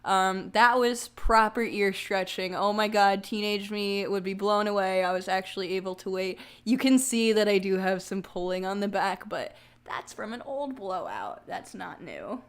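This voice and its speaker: A woman's voice: medium pitch, animated, moderate pace. A young woman talks casually to her livestream audience from home. She chats easily, reads out viewer comments and answers them with jokey asides and laughter. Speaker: livestream host.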